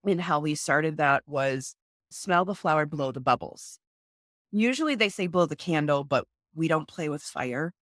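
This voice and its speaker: Speaking expressively at a moderate pace, this low-voiced young woman, a guest and mother of two, earnestly explains things in a relaxed video-call interview. She imitates the way she speaks to her kids, and the recording is dry and close.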